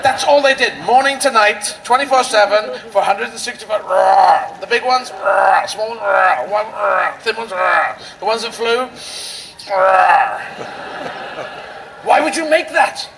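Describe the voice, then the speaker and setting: A man's voice: very high-pitched, a little fast, hardly any pauses, a bit bright, low-quality recording. A male stand-up comedian on an outdoor rally stage, riffing in a rambling, absurdist, playful way into a stage microphone.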